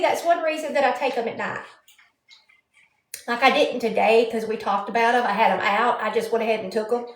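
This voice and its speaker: High-pitched woman host, rambling casual chat, roomy sound. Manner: chatty, yawning, rambling. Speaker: livestream host. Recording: roomy echo.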